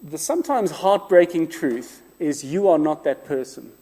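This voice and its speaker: A man preaching a sermon, with expressive rhetorical repetition and some self-deprecating humor. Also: on the high side, moderate pace, breathy edge. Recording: long reverb of a large room.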